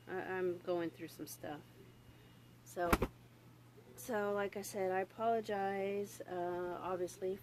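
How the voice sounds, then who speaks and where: A young woman with a Southern US accent talks straight into a phone propped on a stand in a room at home. Her voice sits a little low, and she stumbles through restarts and fillers while swearing openly. A faint room hum runs underneath. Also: rough recording. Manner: halting, full of fillers and restarts; candid and swearing. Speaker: vlogger. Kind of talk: casual confessional vlog.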